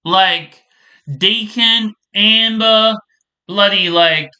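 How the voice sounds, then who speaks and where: A man with a very bright, sharp-edged voice, pitched a little high, gives a casual rant about a soap opera. He talks slowly, rambles, and swears a lot in exasperation. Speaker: vlogger reviewing a soap opera. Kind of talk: casual ranting commentary.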